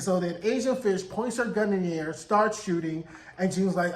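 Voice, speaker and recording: A man in his forties giving a sassy, animated casual recap of a TV episode, acting out the characters' lines. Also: high voice, brisk. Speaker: TV recap vlogger. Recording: roomy echo.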